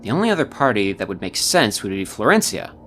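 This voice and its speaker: A woman reading a story game aloud and reacting with excited, disbelieving exclamations. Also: rumbling low, fast, faint music behind. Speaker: game streamer.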